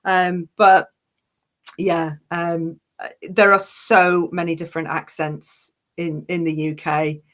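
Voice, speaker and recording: A woman's voice: fairly low pitch, little pitch movement, slow pace. An English actress with a fairly neutral, near-London accent, chatting casually in an interview, laughing often and restarting her sentences. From Yorkshire, England. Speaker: actress and online parody creator.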